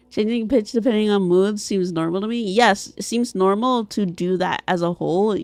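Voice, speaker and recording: A woman chatting casually on a live stream, reading chat aloud and answering it, giggly, with her voice swinging between squealing excitement and soft mumbling. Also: medium pitch, normal speed, hardly any pauses, no echo, faint music behind. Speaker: vtuber streamer.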